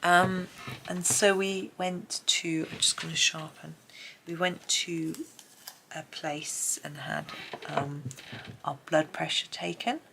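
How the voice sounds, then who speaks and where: A British woman chatting softly as she talks through her colouring, sometimes trailing off into murmured asides. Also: fairly low pitch, little pitch movement, takes it slowly, creaky, slight background noise, low-quality recording. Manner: chatty, soft-spoken, drifts into murmured asides. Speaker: colouring video creator. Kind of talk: casual narration while colouring.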